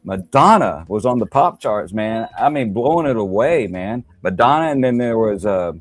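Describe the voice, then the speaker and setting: A man's voice: lowish voice, lively intonation, moderate pace. A man chatting casually on a podcast, emphatic and dropping "man" into his sentences. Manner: emphatic, peppers talk with "man". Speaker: podcast co-host or guest. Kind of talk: casual chat.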